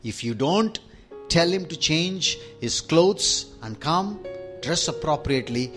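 A man's voice: on the high side, animated, slow pace, a bit bright, soft background music, voice pushed up. A man voicing indignant church members who make stern demands.

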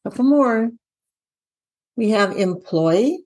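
A woman's voice: fairly high pitch, animated, slow, a little mellow. Woman teaching syllable division step by step. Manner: talks herself through each step, asks viewers questions. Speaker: dyslexia teacher trainer. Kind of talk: casual instructional walkthrough.

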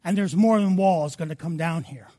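A male pastor preaching a sermon with passion, moving between hushed stretches and loud ones. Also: a little high, normal speed.

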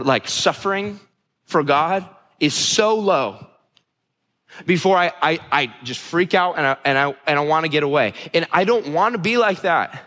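Earnest young preacher in an echoey hall. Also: male voice, on the high side, a bit bright. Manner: earnest, confessional storytelling with frequent restarts. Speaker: pastor. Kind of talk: sermon. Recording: long hall reverb.

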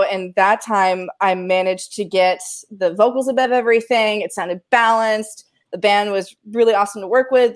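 A woman with a mid-range voice tells a story in relaxed, conversational chat. She is animated and laughs often as she talks. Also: medium pitch. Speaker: live sound engineer telling a story.

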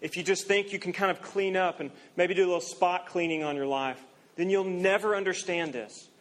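A young man preaching a sermon to students, earnest, swinging from loud emphasis to near-quiet confession. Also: high voice, a little fast. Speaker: campus minister.

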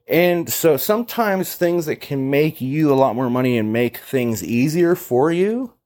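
A man's voice: a little high, measured pace. A man telling sales stories in a casual, chatty monologue as a coach, with many fillers, acting out the people he quotes. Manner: animated, chatty, lots of fillers, acts out quoted voices.

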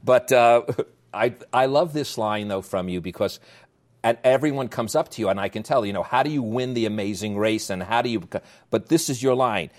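A man with a New York accent, hosting an interview and warmly complimenting his guest. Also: medium pitch, brisk. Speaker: host.

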